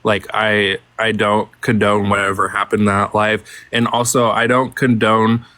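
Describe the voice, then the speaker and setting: A man's voice: on the low side, level tone, measured pace, sharp tone, no room sound. A man talking casually in a group live chat, hesitant and full of fillers and restarts.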